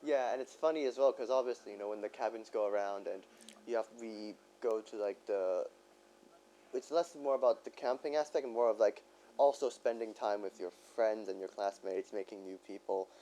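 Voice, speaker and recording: A lower-voiced man chats easily on a podcast, telling rambling stories with frequent laughs. A faint hum sits under his voice. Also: moderate pace, warm tone, rough recording. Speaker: podcast co-host. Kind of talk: casual chat.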